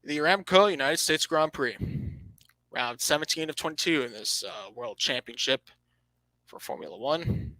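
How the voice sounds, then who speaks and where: A man hosting a motorsport podcast, breaking down standings and races in an animated, emphatic way, often correcting himself mid-sentence. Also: a little high, normal speed, dry recording, low-quality recording. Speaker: podcast host.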